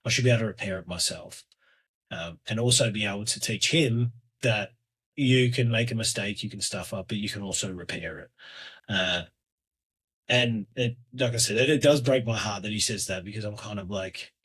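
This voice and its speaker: A man in his thirties hosting a solo podcast, talking in a hesitant, reflective way with lots of fillers and restarts, often trailing off quietly. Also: on the low side, moderate pace, husky. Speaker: podcast host.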